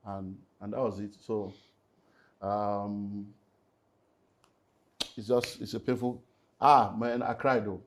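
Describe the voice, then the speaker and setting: A middle-aged man with a Nigerian accent, a pastor talking about his life in an emotional way that rises into loud, emphatic bursts. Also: lowish voice, little pitch movement, slow pace, pauses often, a little hiss or hum. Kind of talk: candid personal testimony in conversation.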